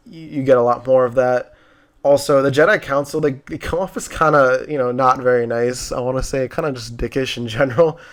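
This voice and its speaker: Chatty young man reviewing a movie. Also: mid-range voice. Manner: chatty, frequent fillers and restarts. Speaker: co-host of a movie review show. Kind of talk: casual movie discussion.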